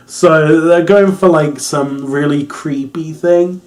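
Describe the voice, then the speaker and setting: A man's voice: a little high, fairly even intonation, slow, few pauses, a little mellow. A young English man with an English accent giving a rambling, casual wrestling review, laughing often and swearing freely. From England.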